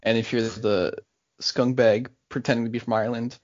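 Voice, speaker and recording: A man's voice: medium pitch, flat delivery, no room sound, highs cut off. A young man co-hosting a casual podcast who jokes and teases, piling onto the group's banter. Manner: joking, teasing, quick to pile on. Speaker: podcast co-host. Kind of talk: casual chat among friends.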